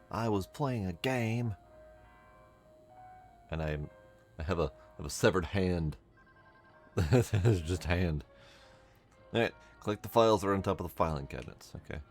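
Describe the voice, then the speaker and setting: A man with a very low voice talks through a game at an unhurried pace. He gives wry, mumbled running commentary and reads the on-screen text aloud. Faint music plays underneath. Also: darkish tone. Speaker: streamer. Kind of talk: casual gameplay commentary.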